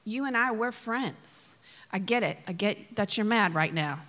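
A woman's voice: medium pitch, expressive, measured pace, a bit bright, big-room sound. A woman preacher voicing Moses as an earnest man who pleads and reasons with his God. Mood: pleading.

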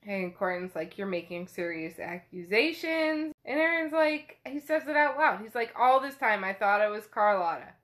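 A woman's voice: medium pitch, expressive, moderate pace, hardly any pauses, a bit bright. A woman casually retelling a novel chapter, chatty and full of fillers. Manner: chatty paraphrasing with frequent fillers. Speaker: book podcast host.

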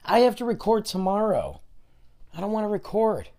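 A man's voice: high-pitched, big pitch swings, normal speed, warm tone. A man hosting his own podcast, talking alone in a rambling, grumbling, self-deprecating way, with a nasal, congested voice from being sick. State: congested from illness. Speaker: podcast host. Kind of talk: casual solo podcast monologue.

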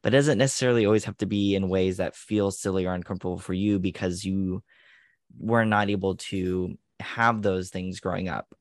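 A man's voice: low-pitched, steady tone, fairly quick, dry recording, studio quality. A man co-hosting a parenting podcast, explaining at length in a casual way, often restarting words. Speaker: podcast co-host.

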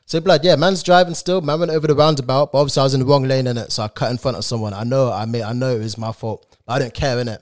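A man's voice: medium pitch, steady tone, rapid-fire, few pauses, a little mellow. A young man telling a story in casual chat, full of slang and tag questions. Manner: slangy, repeats "innit" as a tag. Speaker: podcast co-host.

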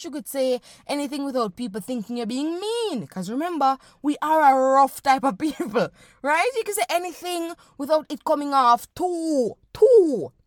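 A young woman with a Jamaican accent, hosting a podcast alone and talking in a playful, animated way as she guides listeners through a scene she paints for them. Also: sits high, dry recording, studio quality. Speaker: podcast host. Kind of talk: casual solo podcast monologue.

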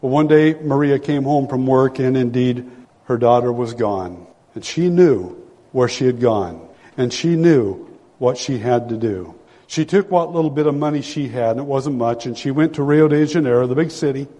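A man's voice: medium pitch, moderate pace, dark tone. A man preaching a sermon, retelling a story with emphasis and often repeating his key phrases. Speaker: pastor. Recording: long hall reverb.

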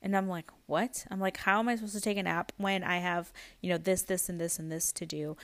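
A woman's voice: lowish voice, steady tone, fairly quick, no echo. A young woman hosting a podcast in casual chat, talking through her own stories, laughing often and acting out quoted moments. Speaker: podcast host.

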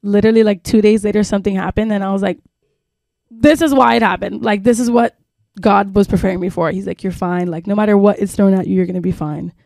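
A woman's voice: mid-range voice, steady tone, quick pace, creaky, darkish tone, no echo, clean studio sound. A woman co-hosting a podcast, telling a long personal story in a rambling casual way, full of fillers and swearing. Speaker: podcast co-host. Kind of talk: casual chat.

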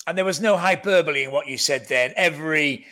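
A man with a blended North Welsh and Scouse accent, a guest actor telling stories in an animated, self-mocking way with frequent restarts. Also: fairly high pitch, brisk. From North Wales near Liverpool. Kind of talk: casual interview chat.

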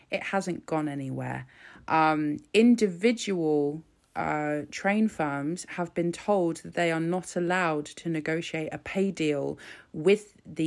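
Young woman, casual rant, sarcastic, exasperated, swearing. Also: low-pitched. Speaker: political commentator. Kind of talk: casual ranting commentary.

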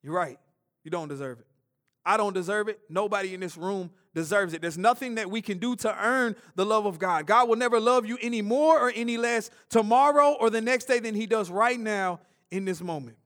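A high-pitched man delivers a church sermon. He swings between loud, urgent passages and hushed, intense ones, often stumbling over and repeating words as he presses his point. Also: fairly quick. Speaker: preacher.

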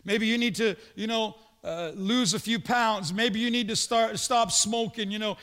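A man's voice: sits high, fairly even intonation, normal speed, fairly bright tone, long reverb tail. A man preaching a sermon as pastor, talking conversationally and asking rhetorical questions.

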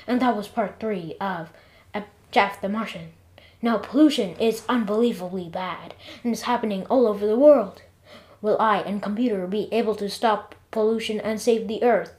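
A woman narrating her own episodic story in a lively, expressive reading. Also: medium pitch, moderate pace.

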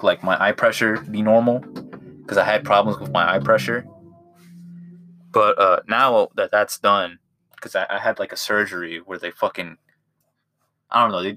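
A young man with a low, bright, sharp-edged voice rambles through a solo podcast at home. He swears constantly and mocks himself in loose, crude asides, talking into his phone. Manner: crude, rambling, self-mocking, swears a lot. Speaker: podcast host. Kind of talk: casual solo podcast monologue.

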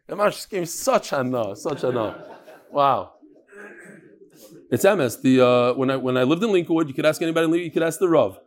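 A man's voice: a little high, animated, fairly quick. A man, teaching a Talmud class and telling stories with Hebrew and Yiddish terms.

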